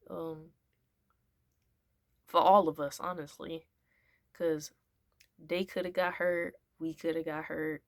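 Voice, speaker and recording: A young woman vlogger with a deep, creaky voice rambles through a casual story with many fillers. The recording is studio quality with no room sound, and she animatedly acts out what people said.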